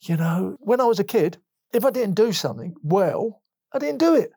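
A man's voice: high voice, moderate pace, vocal fry, breathy edge, dry recording. A man in his fifties from England, speaking candidly and emotionally as an interview guest, acting out past conversations as he tells his story. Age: 50s. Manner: emotional, open storytelling with lively retold dialogue.

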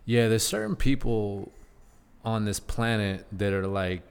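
Smooth, low-voiced podcast host. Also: male voice, unhurried, in a large hall. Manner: animated, joking, swears casually. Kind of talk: casual interview chat.

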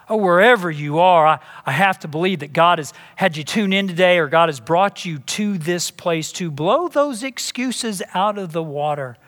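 A pastor from Texas preaching a sermon in a church, emphatic and full of rhetorical questions. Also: male voice, sits high, a bit bright. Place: church sanctuary. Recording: long reverb in a big hall.

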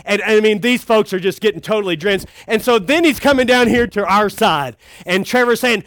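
A man's voice: high voice, a little fast, fairly bright tone, no echo. A middle-aged man, a pastor, telling funny family stories in a folksy camp sermon. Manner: folksy and humorous, acting out a child's cries.

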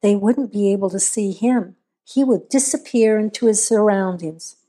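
A woman reading a scripted horror story aloud in a measured, steady storytelling voice. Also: medium pitch. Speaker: narrator.

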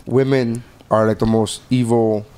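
A man's voice: medium pitch, level tone, a little slow, mellow, clear, resonant tone. A man in his thirties, a podcast host, chatting casually and rambling through stories, acting out what others said. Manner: rambling storyteller, quotes people in voices. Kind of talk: casual chat.

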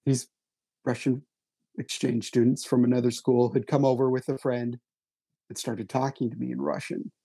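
Guest writer-actor, man; husky, dry-sounding voice, self-deprecating storyteller. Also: mid-range voice, level tone, normal speed, dark tone, no echo. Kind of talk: casual conversation, storytelling.

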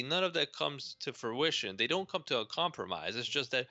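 A man's voice: on the high side, big pitch swings, a little fast, hardly any pauses, sharp tone, dry recording, lo-fi sound. A man co-hosting a film podcast, critiquing a movie in casual talk and acting out characters' lines. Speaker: podcast co-host.

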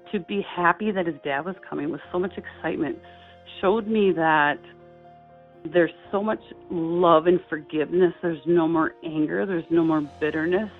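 A middle-aged woman earnestly telling a personal story as a guest, slipping into higher voices when she quotes people. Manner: earnest, lively quoting of dialogue with high acted voices. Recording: tinny phone-like line.

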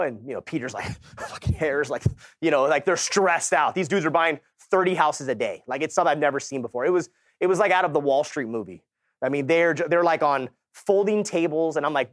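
A man in middle age with a slightly high voice gives a talk at a sales summit. He is slangy and animated and acts out the quoted dialogue. The sound is dry and close to the mic. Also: a little fast, no echo. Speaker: real estate agent giving a talk. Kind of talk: energetic motivational storytelling.

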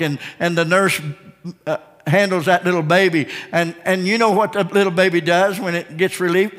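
A man preaching with a fairly high voice that swings between hushed, slow lines and soaring, repeated refrains. His words ring out with a long reverb, as in a church sanctuary. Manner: repeats phrases for emphasis. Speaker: pastor. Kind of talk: sermon.

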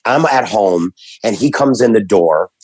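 A man recounts family anecdotes in a loose, animated way, full of fillers and false starts. His voice is husky, and the sound is dry and close with no room around it. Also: fairly low pitch, measured pace, dry recording, rough recording. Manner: rambling, animated storytelling with many restarts and fillers. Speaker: guest telling family stories. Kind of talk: casual conversation.

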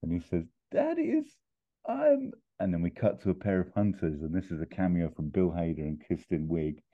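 A man narrating a comedy film pitch in an animated way. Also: fairly quick. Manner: animated, laughs while telling the story. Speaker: podcast host pitching a film scene. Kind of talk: comic storytelling narration. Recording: tinny phone-like sound.

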